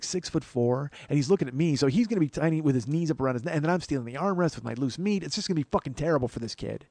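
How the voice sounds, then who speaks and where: A comedian man spins an animated, profane story, poking fun at himself as he goes. His voice sits a little high for a man. The sound is close and dry. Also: no echo. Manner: animated, profane, self-mocking. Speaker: comedian, podcast host. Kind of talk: comic storytelling.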